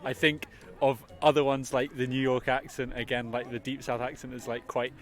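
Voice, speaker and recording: A man's voice: mid-range voice, flat delivery, moderate pace. An English man answering a street interview outdoors, thoughtful and hedging with fillers.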